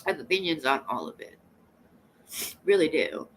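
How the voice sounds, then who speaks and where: A woman's voice: low voice, very animated, normal speed, slight background noise. A woman hosting a casual live stream, sassy and teasing, often breaking into laughter. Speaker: livestream host.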